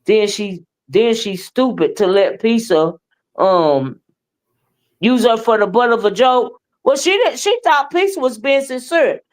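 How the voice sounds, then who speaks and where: Brief: woman host, blunt and scolding, swears freely, voice sits a little high. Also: expressive, a little slow. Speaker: live stream host. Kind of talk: heated casual commentary.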